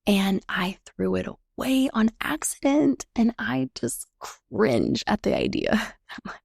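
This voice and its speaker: A woman's voice: mid-range voice, big pitch swings, slow, gravelly, a little mellow, no echo, studio quality. A woman podcast host telling a personal story in a chatty way, acting out the lines of the people she talks about. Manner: chatty, reenacts quoted dialogue. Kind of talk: casual storytelling monologue.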